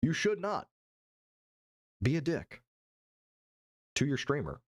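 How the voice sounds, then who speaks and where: A man doing an impression of a former male president, with a slow, halting presidential cadence full of pauses. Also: on the high side, sing-song, full character voice. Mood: lecturing.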